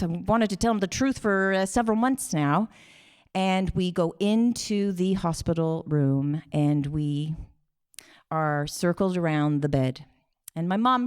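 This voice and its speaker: A woman, telling a personal story on stage, animated and emotional, acting out the voices of the people in it. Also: lowish voice.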